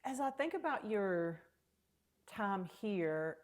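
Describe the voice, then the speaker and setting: A woman's voice: medium pitch, animated, takes it slowly. A woman hosting a podcast, asking encouraging questions and prompting her guest's stories. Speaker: podcast host. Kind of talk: casual interview.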